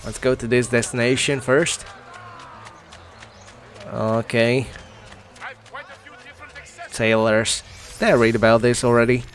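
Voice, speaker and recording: A man's voice: medium pitch, little pitch movement, takes it slowly, pauses often, soft background music. A man hosting a casual let's-play, chatting, thinking aloud and laughing often as he plays. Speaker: gaming channel host.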